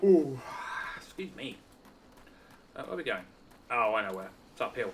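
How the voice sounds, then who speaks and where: A man's voice: medium pitch, sing-song, normal speed, far from the mic, a little hiss or hum. A man giving casual let's-play commentary, with muttered, self-deprecating asides. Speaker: gaming channel host. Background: faint game music.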